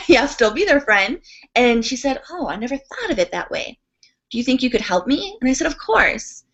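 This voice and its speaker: A chatty, animated woman with a fairly high voice, telling a story as a podcast guest. The sound is dull and lo-fi. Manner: chatty, animated, quick asides with laughs.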